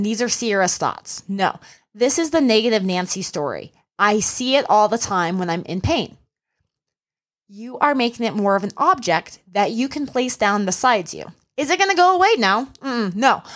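A young adult woman hosting a solo podcast as a running coach, telling a race story and giving earnest, encouraging advice. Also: fairly high pitch. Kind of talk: casual solo podcast talk.

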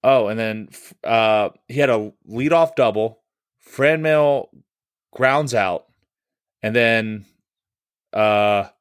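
A man's voice: on the low side, takes it slowly, long pauses, clear, resonant tone, dry recording, clean studio sound. A man co-hosting a baseball podcast, talking loosely with lots of fillers and swearing. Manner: loose and profane, many fillers. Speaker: podcast co-host. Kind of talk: casual sports podcast chat.

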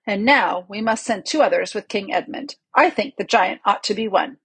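A woman reading the part of a confident young high king with a decisive, good-humoured manner. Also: moderate pace, vocal fry, a bit bright, husky, exaggerated voice.

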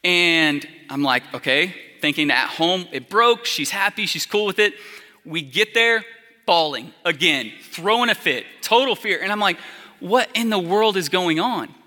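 A man's voice: sits high, expressive, unhurried, pushed and bright. A man in his thirties preaching a sermon as a pastor, telling stories in a casual, conversational way with lots of fillers. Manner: conversational storytelling with many fillers. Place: church hall. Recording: long hall reverb.

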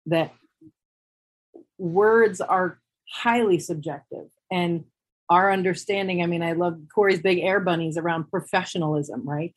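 A woman on a podcast panel, talking things through in a thoughtful, candid way, often pausing and restarting her sentences. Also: on the low side, breathy edge, rough recording. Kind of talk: reflective panel discussion.

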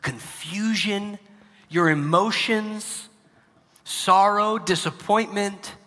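A male pastor preaching a sermon, dropping to hushed, near-whispered lines and then rising to loud, emphatic preaching. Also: sits high, drawn-out words, in a large hall.

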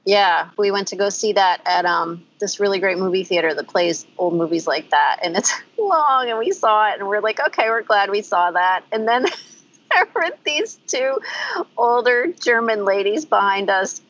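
A woman's voice: mid-range voice, lively intonation, moderate pace, fairly bright tone. Chatty woman telling stories, laughing mid-sentence. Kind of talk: casual chat. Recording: slightly dull lo-fi recording.

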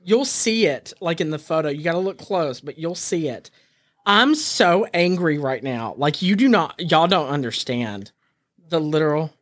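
A man's voice: a little high, animated, moderate pace, dry recording, clean studio sound. A man co-hosting a podcast in casual chat, ranting dramatically and laughing at his own frustration. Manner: exasperated, dramatic, rants with laughter. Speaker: podcast co-host.

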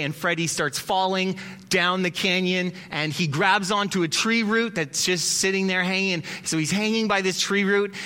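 A male pastor preaching a sermon in an animated, conversational way with dramatic pauses. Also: high-pitched, clean tone.

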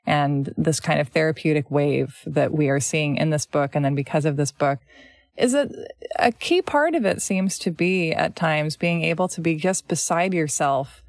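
A woman host in casual chat, who reads from a book and talks in a thoughtful, measured way. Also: low voice, creaky, no echo, clean studio sound. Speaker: podcast host.

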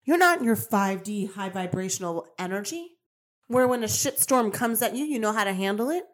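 A Colombian-American woman hosts a motivational spiritual self-help podcast, delivering a monologue full of emphatic, repeated affirmations and casual swearing. Her mid-range voice is expressive and moves at a moderate pace.

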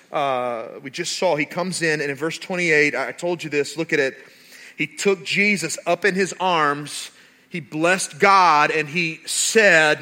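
A man, a pastor, preaching a sermon and telling stories with animated, rising emphasis. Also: on the high side.

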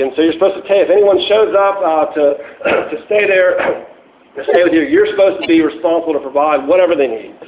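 A man preaching a casual, conversational sermon, full of fillers and restarts, joking as he goes. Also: fairly high pitch. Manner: casual, chatty, many fillers and restarts, laughs at own jokes. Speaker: pastor. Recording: echoey room on tinny phone-like line.

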